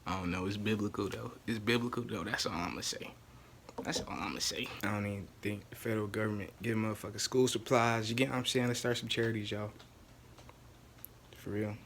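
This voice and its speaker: A man vlogging to camera, ranting casually in slang, repeating "you know what I'm saying" and swinging from low muttering to loud exclaiming. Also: fairly even intonation, a little fast, long pauses, slight background noise.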